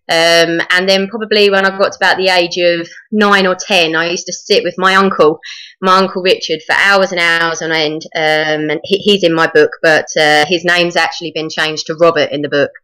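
A woman's voice: fairly low pitch, a bit bright. A woman author talking in an interview, friendly and rambling with lots of ums. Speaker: author guest.

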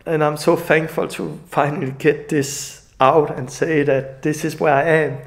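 Gravelly, tearful man, earnest and halting. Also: on the high side, little pitch movement. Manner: earnest, halting, non-native phrasing. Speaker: evangelist. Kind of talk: emotional personal video message.

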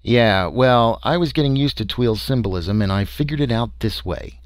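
A man's voice: medium pitch, expressive, normal speed, dry recording. A man reading a story as a first-person audiobook narration, in a folksy, conversational way with small hesitations.

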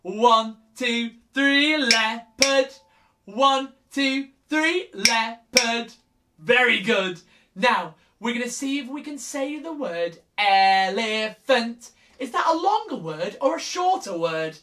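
A woman's voice: on the high side, lively intonation, slow pace, a bit bright. A woman leading an interactive preschool music lesson, counting out words and coaxing children in a sing-song way.

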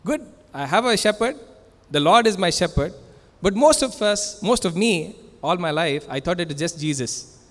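A man's voice: high voice, lively intonation, normal speed, long reverb tail. A man preaching a sermon in earnest, emphatic, repetitive phrases, recorded in a church. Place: church sanctuary.

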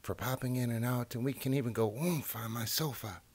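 Squeaky little jumpy mouse guy, a man putting on the voice, high and a bit raspy, storybook read-along. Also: a little fast, a little mellow. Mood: eager. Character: small jittery male mouse, easily frightened.

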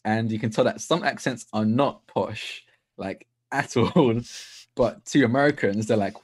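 A man's voice: fairly low pitch, measured pace, slightly rough, dry recording. A man from Essex with an Essex English accent, chatting as a podcast guest in a self-deprecating way. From Essex, England. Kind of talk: casual chat.

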